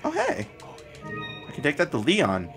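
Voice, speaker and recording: A man's voice: fairly high pitch, huge pitch swings, unhurried, music in the background. Swearing man reacting to his game. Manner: swears often, blurts out reactions. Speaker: gameplay streamer. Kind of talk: profane casual gameplay commentary.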